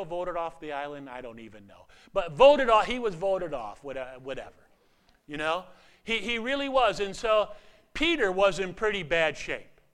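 An older man preaching a sermon in a conversational, animated way, asking the audience questions and swinging from emphatic peaks to hushed asides. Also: on the high side.

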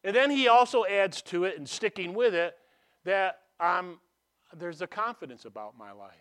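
A man preaching a sermon in a conversational way, asking rhetorical questions and swinging between emphatic and hushed delivery. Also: sits high, lively intonation, normal speed, clear, resonant tone.

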